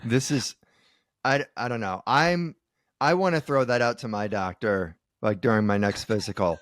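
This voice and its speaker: A man's voice: medium pitch, normal speed, fairly bright tone, no echo. A man with a mid-range voice co-hosting a comedy podcast. He trades wry, playful banter in casual chat. His sound is dry and close. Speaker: podcast co-host.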